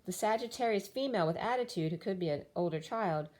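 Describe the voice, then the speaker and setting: A woman's voice: mid-range voice, lively intonation, fast talker, darkish tone. A woman giving a tarot reading, listing card meanings in loose fragments while losing her voice. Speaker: tarot reader.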